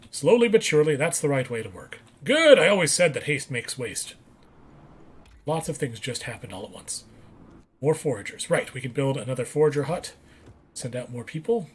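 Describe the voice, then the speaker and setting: A man's voice: mid-range voice, slight background noise. A man doing casual gameplay commentary, reading on-screen text aloud and correcting himself as he goes. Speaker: let's play gamer.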